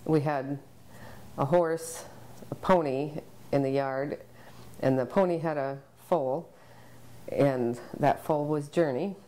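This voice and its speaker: Low-voiced woman recalling a family scare. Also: mellow. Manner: emotional, halting with pauses and ums. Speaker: interviewee, subject's mother. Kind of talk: recounting a family memory.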